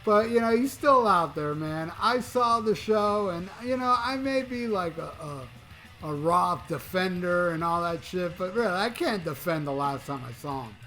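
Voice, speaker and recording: A man's voice: high-pitched, animated, moderate pace, bright, forceful tone, soft background music. A man giving casual rock news commentary as a YouTuber, profane and mocking, often chuckling.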